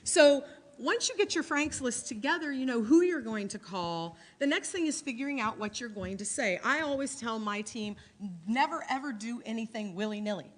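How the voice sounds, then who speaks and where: A middle-aged woman from Illinois, pitched high and speaking at a normal pace, gives her sales team a spirited, talkative training session and dramatizes bits of dialogue.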